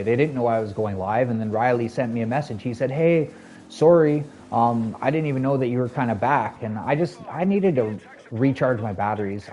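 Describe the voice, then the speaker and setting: A man's voice: medium pitch, warm tone, a little hiss or hum. A man in his thirties chatting casually to his stream viewers, rambling loosely with lots of "like" and "you know". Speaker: live streamer.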